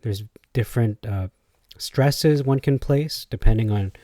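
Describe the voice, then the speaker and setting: A man's voice: mid-range voice, measured pace, mellow, dry recording, studio quality. A man explaining things in a casual spoken video. He thinks aloud and hesitates, and he tries out different pronunciations as he goes.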